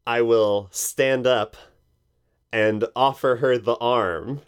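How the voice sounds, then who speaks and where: A man playing a tabletop game, voicing his doctor character in a measured, stately way. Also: medium pitch, steady tone, clean tone. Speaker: player.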